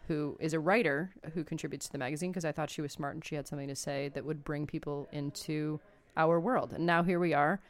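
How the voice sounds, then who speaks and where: Low-voiced woman hosting a podcast. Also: steady tone, fast talker. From Montreal, Canada. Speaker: podcast host. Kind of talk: casual podcast chat.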